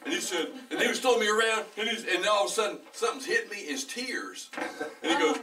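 A pastor telling a story in a sermon, animated and often laughing as the congregation chimes in. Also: male voice, sits high, fast. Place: church hall. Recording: distant church recording.

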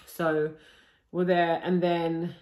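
This is a casual storytime in which a young woman vlogger describes her labour to the camera she records with, breathless and chatty with lots of likes and restarts. Her fairly low voice barely moves in pitch, comes out very slowly and a little mellow, and echoes around the room.

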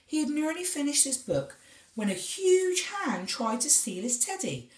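A woman reading a children's storybook aloud with expressive storytelling. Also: high-pitched, measured pace. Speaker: storybook reader. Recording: echoey room.

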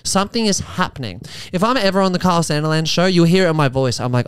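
A man's voice: fairly high pitch, lively intonation, quick pace, clear, resonant tone, no echo. A man hosting a comedy podcast, sarcastically riffing on a news article and slipping into mock voices.

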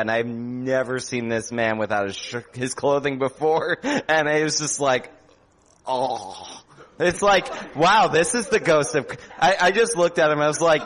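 A man's voice: mid-range voice, a bit bright. A man, a stand-up comedian, telling a rambling family story in casual after-show chat, laughing as he goes.

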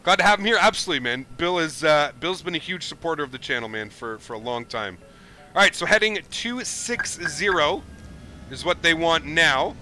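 A man's voice: fairly high pitch, animated, moderate pace, bright, forceful tone, faint music behind. A man streaming a flight simulator, chatting casually with viewers, thanking them and reading their chat messages aloud. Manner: casual and upbeat, chatty, calls viewers dude.

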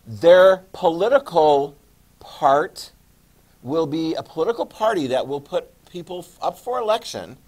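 A man's voice: a little high, lively intonation, measured pace, a little mellow. A man teaching a history class, talking casually and checking in with his students often. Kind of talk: classroom lecture.

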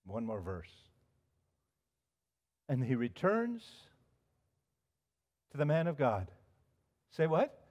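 A male pastor preaching a sermon, telling a story with animated emphasis and frequent restarts. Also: mid-range voice, takes it slowly, long pauses.

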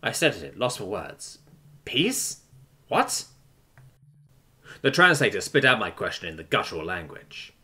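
A man's voice: deep voice, big pitch swings, a little fast, hardly any pauses, bright, forceful tone. A man narrating a sci-fi story in a tense, dramatic reading.

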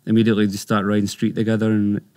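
A man's voice: lowish voice, completely flat delivery, rapid-fire, darkish tone. A Scottish man telling a casual, rambling anecdote, full of fillers and slang. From Scotland. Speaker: storyteller.

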